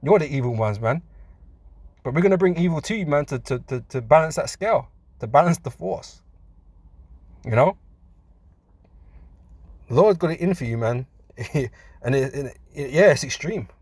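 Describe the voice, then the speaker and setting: A man teaching from scripture in a casual, conversational way, often saying "man" and laughing between points, and reading verses slowly. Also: medium pitch, lively intonation, darkish tone, slightly rough, no room sound. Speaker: preacher.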